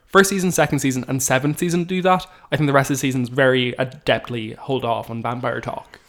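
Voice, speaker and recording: A man's voice: mid-range voice, steady tone, fairly quick, a bit bright. A man co-hosting a podcast, talking casually and correcting himself as he goes. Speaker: podcast co-host. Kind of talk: casual chat.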